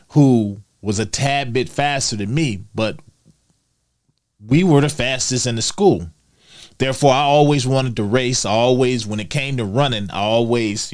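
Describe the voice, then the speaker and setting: Animated male vlogger telling a story. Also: medium pitch. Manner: animated, chatty, addresses viewers as guys. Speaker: finance vlogger. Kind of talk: personal storytelling to camera.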